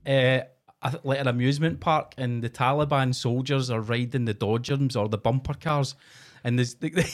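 A man's voice: medium pitch, steady tone, moderate pace. A middle-aged man, co-hosting a casual podcast with sweary, laughing banter. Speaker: podcast co-host.

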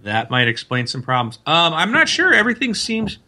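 A man co-hosting a casual gaming podcast, an animated storyteller whose voice climbs high when he retells yelling at a friend. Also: fairly quick, background noise. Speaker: podcast co-host. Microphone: desk mic, loosely mounted.

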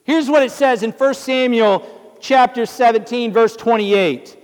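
A man's voice: extremely high pitch, measured pace, clear, resonant tone, long reverb tail. A male pastor preaching a sermon, telling the story dramatically and asking his listeners rhetorical questions.

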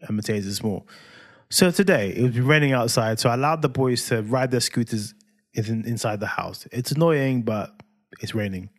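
Male co-host, 30s, animated casual storyteller, mid pitch. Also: moderate pace. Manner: animated storyteller, acts out voices with big pitch jumps. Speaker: podcast co-host. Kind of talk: casual chat.

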